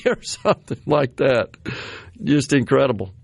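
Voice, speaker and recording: A Southern American man in his sixties chats on a radio talk show, drifting from one memory to the next with frequent chuckles. His voice sits somewhat high, and the studio sound is dry and close. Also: expressive, normal speed, dry recording. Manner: rambling, reminiscing, laughs often. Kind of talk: casual studio chat. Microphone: studio microphone.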